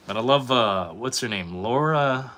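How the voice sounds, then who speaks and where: Bright-voiced young man streamer, profane chat. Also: mid-range voice, lively intonation, unhurried. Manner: profane, rambling, reacting to chat. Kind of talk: casual live-stream chat.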